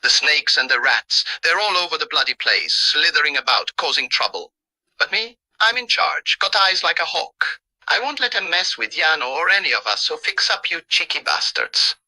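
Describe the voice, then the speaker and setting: A man's voice: mid-range voice, wildly swooping pitch, normal speed, pushed and bright, heavily acted, rough recording. A man voicing a cheerful, bossy male cardinal bird who brags about keeping watch. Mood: angry. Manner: boastful, tough-talking.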